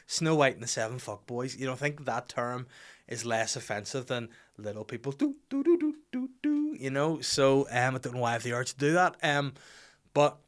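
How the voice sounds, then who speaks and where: A man's voice: mid-range voice, a bit bright. A man in his thirties with a Northern Irish accent, hosting a podcast in a rambling, jokey monologue. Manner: rambling, jokey, sings little tunes. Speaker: podcast host. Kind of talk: casual comic monologue.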